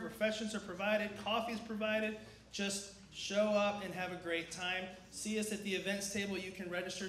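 Give me a high-voiced, energetic man calling out church announcements and quizzing the crowd. He is getting over a cough. It is recorded in an echoey sanctuary with a faint hum of ambience behind. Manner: energetic, asks the crowd questions.

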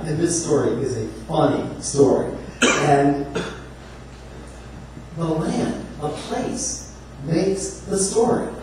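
A man preaching a sermon, telling the story in an animated, humorous way and acting out voices. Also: on the high side. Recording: echoey room from far off, faint noise.

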